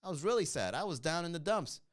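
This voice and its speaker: Man, comedy podcast host, lively swinging pitch, clear smooth voice, teasing casual chat. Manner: animated, teasing, quick to laugh. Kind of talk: casual livestream chat, reading comments.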